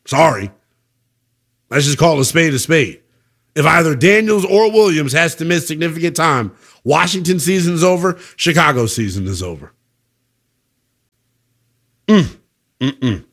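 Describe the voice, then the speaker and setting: A fired-up man hosting sports talk radio, his voice sitting a bit high for a man. He hammers his opinions home, then drops into quieter, heavier stretches. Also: animated, normal speed. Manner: emphatic, opinionated, swings from loud to subdued.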